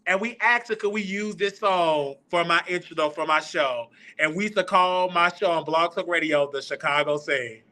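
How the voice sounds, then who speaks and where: A man hosting his own live show, chatting casually and excitably as he reminisces out loud. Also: on the high side, moderate pace, hardly any pauses. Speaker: show host. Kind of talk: casual livestream chat.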